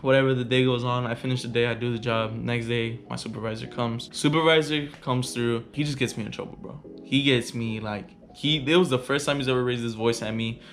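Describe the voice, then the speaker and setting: A man's voice: mid-range voice, steady tone, brisk, hardly any pauses, a bit bright. A young man vlogging a heated, profane storytime rant in casual slang.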